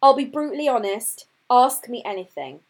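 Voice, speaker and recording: Woman host, lively storyteller, husky voice, reads out the messages. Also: a little high, moderate pace. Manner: animated storytelling, reading out text messages. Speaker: podcast host telling her dating story. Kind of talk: casual chat.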